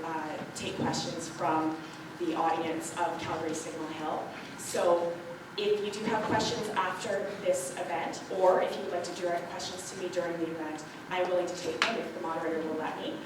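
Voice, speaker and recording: Female stand-in at a forum, halting delivery; distant, hissy hall recording with lots of echo. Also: lowish voice, steady tone. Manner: halting, with fillers and repeats. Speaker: stand-in for an absent candidate. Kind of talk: public statement. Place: large hall, recorded from far. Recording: echoey hall from far off, noisy.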